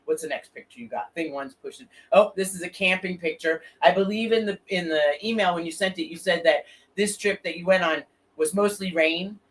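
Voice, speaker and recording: A woman hosting a casual motorcycle talk show, telling lively stories and swearing freely. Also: lowish voice, a little fast. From Florida. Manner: animated storyteller, swears freely. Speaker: podcast host. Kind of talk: casual chat.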